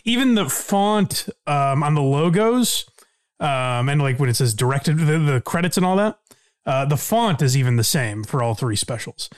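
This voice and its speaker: A man's voice: fairly high pitch, expressive, normal speed. A man hosting a podcast in a casual, reflective, conversational way. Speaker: podcast host. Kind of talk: casual chat.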